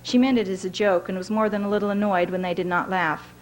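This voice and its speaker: A woman author giving a measured public reading of her own fiction at a library event. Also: medium pitch, fairly even intonation, slight background noise, low-quality recording.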